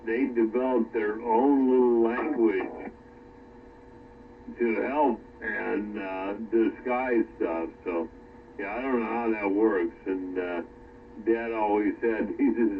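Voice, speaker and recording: A man chatting casually from his workshop, rambling and halting with plenty of fillers. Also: lowish voice. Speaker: radio chat participant. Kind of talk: casual chat. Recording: distant, phone-like radio with faint noise.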